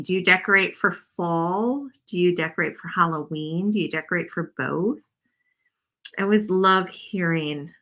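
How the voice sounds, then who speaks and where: A woman chats her way through a craft project for her live viewers. Her voice is bright and forward, sitting a little low. She rambles, jokes about herself and calls her audience y'all. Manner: rambling, self-deprecating, addresses viewers as y'all. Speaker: craft video host. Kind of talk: casual chatty craft livestream.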